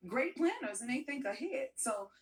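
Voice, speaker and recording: A man's voice: very high-pitched, huge pitch swings, moderate pace, distant mic, heavily acted, rough recording. A man playing a sassy, chatty woman talk-show host who keeps talking straight to her audience in a folksy way. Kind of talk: comedic character monologue.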